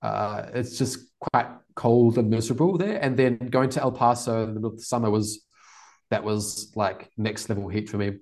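A man in his twenties with a New Zealand accent, a podcast guest telling stories in a relaxed, rambling way and laughing often. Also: on the low side, normal speed. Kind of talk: casual storytelling interview.

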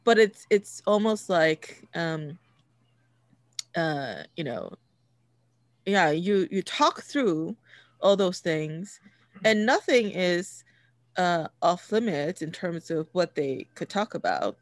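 A woman's voice: lowish voice, expressive, takes it slowly, dry recording. Chatty woman telling a story. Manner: chatty, many fillers and restarts, laughs while telling. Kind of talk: casual storytelling chat.

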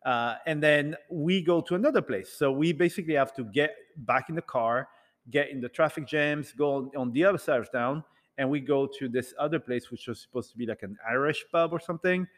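A man telling a rambling, animated story to an audience in a casual talk, acting out bits of dialogue. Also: on the high side, a little fast, big-room sound. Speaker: speaker addressing an audience.

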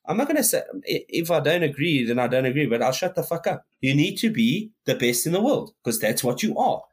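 A man's voice: on the high side, very animated, brisk, few pauses, husky. A man, co-hosting a podcast, ranting heatedly in casual chat and swearing often. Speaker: podcast co-host.

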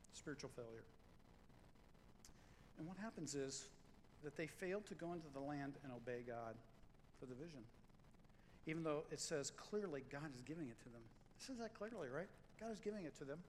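A man preaching a sermon as pastor, in a conversational, animated way, acting out quotes and stories. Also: a little high, moderate pace, pauses often, long reverb tail, a little hiss or hum, rough recording.

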